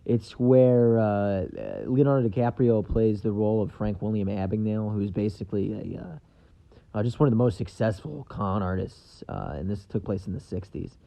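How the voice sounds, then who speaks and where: Very dark-voiced rambling podcast guy. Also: on the low side, fairly even intonation, normal speed, gravelly. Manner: rambling, filler-heavy, offhand. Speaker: podcast host. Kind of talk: casual solo podcast monologue.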